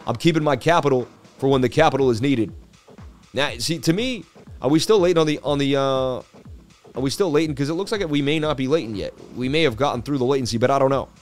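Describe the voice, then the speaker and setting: A man's voice: mid-range voice, fast, faint music behind. A middle-aged man hosting a casual crypto live stream, chatty, with a sports-presenter delivery. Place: traveling.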